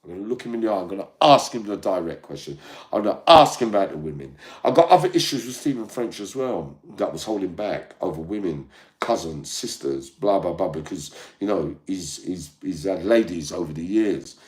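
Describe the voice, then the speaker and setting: Older man, combative and profane, ranting straight to his viewers. His pitch swings widely from low mutters to high shouts. The sound has a noticeable echo from the room. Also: expressive, a little fast. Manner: profane, combative, keeps asking "yeah?". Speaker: online channel host.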